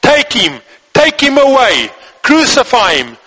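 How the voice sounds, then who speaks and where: A man's voice: sits high, very animated, a little fast, pushed and bright, breathy edge, exaggerated voice, low-quality recording. A man reading aloud the lines of angry male religious leaders in a scripture passage, with a raised, insistent delivery.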